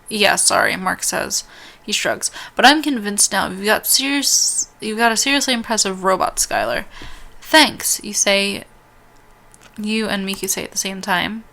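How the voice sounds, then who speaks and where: A woman reading an interactive story game aloud as a let's-play host, stumbling over words, restarting lines and dropping quick asides. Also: medium pitch, lively intonation, vocal fry, sharp tone.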